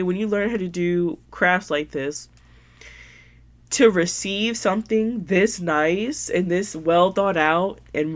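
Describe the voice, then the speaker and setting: A woman hosting her podcast in casual show-and-tell chat, gushing and sentimental, with lots of filler words. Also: mid-range voice. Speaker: podcast host.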